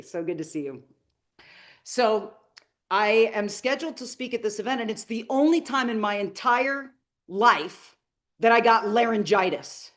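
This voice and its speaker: A middle-aged woman giving a live motivational masterclass, earnest and inspirational, telling stories and asking the audience questions. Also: mid-range voice. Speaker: motivational speaker.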